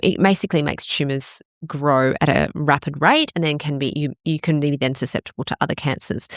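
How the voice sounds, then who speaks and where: Blunt forties fitness coach lady, swears a lot, lowish voice, dry sound. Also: no room sound. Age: 40s. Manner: frank, swears freely. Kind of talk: candid personal monologue.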